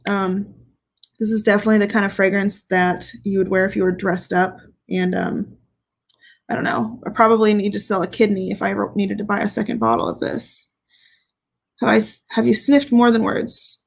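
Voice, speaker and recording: With vocal fry in her mid-range voice, a woman runs a laid-back fragrance review livestream and reads out viewer comments. She laughs often, swears freely, and keeps things candid and playful.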